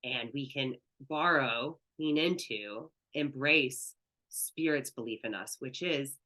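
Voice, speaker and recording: A woman with a bright, forward voice leads a spiritual coaching class. She talks in an open, earnest, conversational way and is candid with her listeners. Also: a bass voice, takes it slowly.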